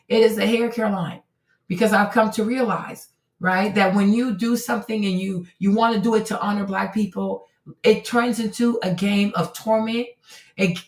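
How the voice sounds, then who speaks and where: A woman hosting an opinionated commentary stream, talking emphatically and rhetorically, repeating phrases for effect. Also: mid-range voice. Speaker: host. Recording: roomy and distant from the mic.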